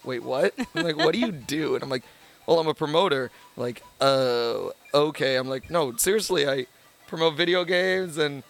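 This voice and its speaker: A man co-hosting a casual chat, telling animated stories and acting out quotes, with loose swearing. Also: fairly high pitch, moderate pace, gravelly. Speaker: podcast co-host.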